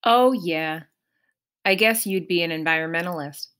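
A woman's voice: fairly low pitch, normal speed, fairly bright tone, clean tone, close to an everyday voice. A woman doing a wry, blunt boy. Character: blunt, joking boy on a quest.

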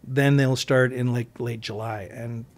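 A man speaks as a guest actor in a relaxed interview, at a middle, ordinary pitch for a man. He tells his story in loose, rambling turns, stopping to restart sentences and drift into asides. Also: unhurried.

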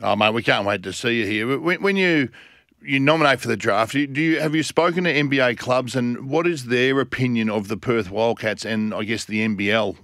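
A man's voice: medium pitch, fairly quick, fairly bright tone, no echo, clean studio sound. A man with an Australian accent co-hosting breakfast radio, asking questions enthusiastically.

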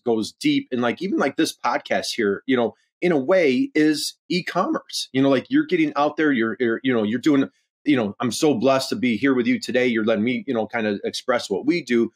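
A man talking as a guest on a business podcast, eager and rambling, with plenty of fillers. His pitch sits in an ordinary middle range for a man. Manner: enthusiastic, rambling, heavy use of "you know" and "uh". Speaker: podcast guest, e-commerce consultant. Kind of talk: conversational interview.

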